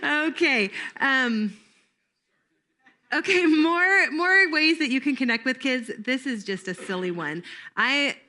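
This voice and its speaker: A woman's voice: sits high, expressive, slow pace, sharp tone. A middle-aged woman giving a playful camp training talk to volunteers, laughing often and breaking into made-up jingles.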